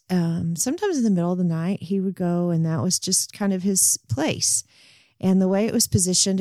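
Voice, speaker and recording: Rambling woman, mellow and dry. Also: on the low side, no echo. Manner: rambling, warm-hearted, self-interrupting. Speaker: podcast host. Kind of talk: casual personal storytelling. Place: home bedroom.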